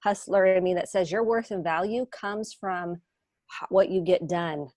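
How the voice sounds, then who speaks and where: Give me a woman psychotherapist on a video call, lower-pitched, talking animatedly with emphatic repetition. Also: unhurried, no room sound. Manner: animated, acts out inner voices, emphatic repetition. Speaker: psychotherapist guest. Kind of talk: conversational podcast interview.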